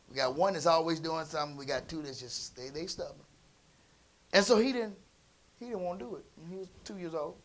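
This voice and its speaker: A man preaching in a church, telling a family story in a conversational way that moves from quiet asides to loud emphasis. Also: fairly high pitch, slight background noise. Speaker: pastor. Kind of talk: storytelling sermon.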